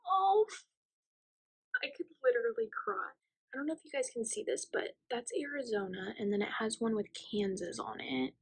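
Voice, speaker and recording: A woman's voice: fairly high pitch, fairly quick, breathy edge, low-quality recording. A young woman unboxing gifts in a casual talk, gushing and often dropping to a whisper. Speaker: friend opening gifts.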